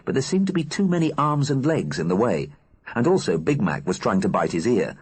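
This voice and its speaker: Husky, expressive male audiobook narrator. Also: mid-range voice, brisk. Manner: expressive, animated. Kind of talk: scripted narration.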